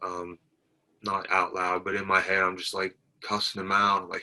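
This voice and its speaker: A man's voice: low-pitched, flat delivery, normal speed, sharp tone, low-quality recording. A man, a military veteran, telling his story in an interview, plainspoken and retelling conversations line by line. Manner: plainspoken, retells dialogue with many "I said". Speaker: veteran guest.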